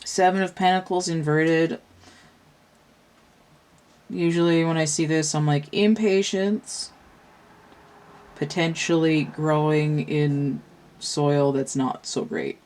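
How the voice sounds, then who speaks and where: Low-voiced woman musing over tarot. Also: steady tone, slow, pauses often, a little mellow. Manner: thinks aloud, meandering with restarts. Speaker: tarot reader. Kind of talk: casual tarot reading talk.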